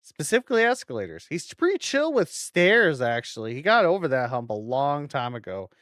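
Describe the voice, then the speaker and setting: A man's voice: a little high, big pitch swings, fairly quick, a bit bright, no room sound. A young man casually commenting on a video as he watches it, joking and swearing a lot. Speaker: streamer reacting to a video.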